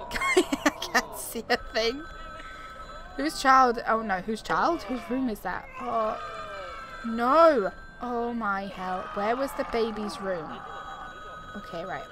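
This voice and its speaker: A woman's voice: fairly high pitch, background noise. A woman giving casual let's-play commentary, talking to herself and exclaiming as she plays, with game audio behind her. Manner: chatty, exclaiming, talks to herself while playing. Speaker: gaming YouTuber. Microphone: desktop USB mic.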